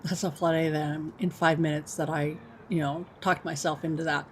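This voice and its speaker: A woman's voice: sits low, little pitch movement, fairly quick, a little hiss or hum. A woman in her fifties hosting a casual livestream, chatting with viewers in a rambling way full of fillers, her microphone set off to one side on her computer. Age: 50s. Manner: chatty, rambling, many fillers, eating while talking. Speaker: livestream host.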